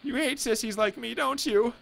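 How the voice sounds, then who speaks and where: A man voicing a young girl who speaks in a soft, teasing, cryptic way. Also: very high-pitched, moderate pace, gravelly, voice pushed up, heavily acted, rough recording. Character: young girl, eerie and knowing.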